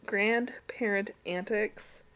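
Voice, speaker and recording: Woman, casual chat, laughs often, animated storyteller, mid-pitched voice. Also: takes it slowly. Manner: laughing, storytelling, acts out quotes.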